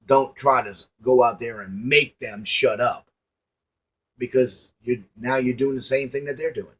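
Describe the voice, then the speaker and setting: A man's voice: medium pitch, fairly even intonation, measured pace. A man giving a preachy motivational monologue to his viewers, folksy and emphatic, repeating lines and asking rhetorical questions. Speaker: online commentator.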